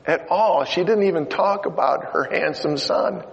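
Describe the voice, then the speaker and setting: A middle-aged man preaching a sermon, telling stories and swinging from loud exhortation to quiet asides. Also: fairly high pitch, normal speed, gravelly. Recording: dull lo-fi sound in a reverberant hall.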